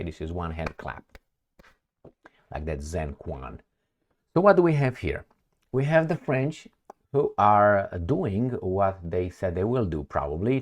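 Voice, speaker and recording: A very deep-voiced man talks straight to his viewers in a loose vlog commentary. He rambles and mocks, breaking off into asides and chuckles, and his tone stays sarcastic throughout. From Romania. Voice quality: sarcastic, mocking. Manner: rambling, animated, frequent fillers and laughs. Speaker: political commentary vlogger.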